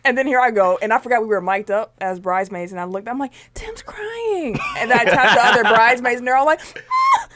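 A woman's voice: on the high side, racing, hardly any pauses, heavy background noise. A woman co-hosting a podcast, telling stories in casual chat and acting out what people said. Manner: animated storyteller who acts out quotes. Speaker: podcast co-host.

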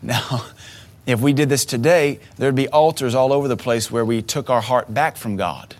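A man's voice: mid-range voice, normal speed. A man in his thirties preaching a sermon, earnest and emotional, often restarting his words as he tells a personal story. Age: 30s. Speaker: pastor.

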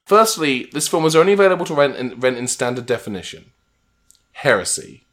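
A man's voice: mid-range voice, sing-song, brisk, a bit bright. A man co-hosting a podcast in casual comedic chat, given to wry, mock-grandiose rants. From England. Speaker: podcast co-host.

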